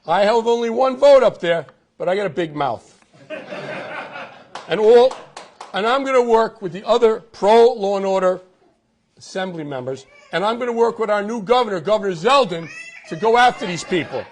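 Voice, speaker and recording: Man, New York accent, middle-aged, campaign speech, punchy and repetitive, high voice. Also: animated, brisk. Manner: punchy rally speaker, repeats lines for effect. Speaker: political candidate. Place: outdoors at a golf club event. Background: crowd.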